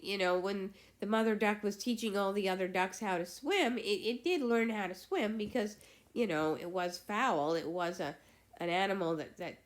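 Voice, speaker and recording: A woman hosting her own vlog, telling a story casually in a halting way with restarts. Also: medium pitch. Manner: halting, with many fillers and restarts. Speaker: vlog host.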